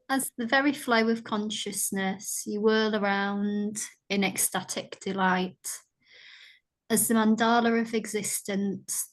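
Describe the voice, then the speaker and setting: Slow-reading woman with a northern English accent. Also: a little high. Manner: careful, slow reading, stumbles over Sanskrit. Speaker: yoga student. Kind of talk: reading aloud to a class.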